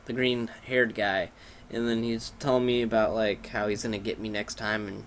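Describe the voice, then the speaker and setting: A man's voice: medium pitch, normal speed. A man giving casual let's play commentary, irreverent and joking as he invents silly dialogue for the characters.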